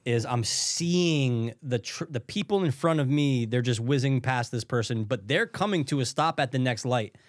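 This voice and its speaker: A man's voice: mid-range voice, normal speed, hardly any pauses. A man co-hosting a casual chat, easygoing, agreeing often and cracking dry jokes.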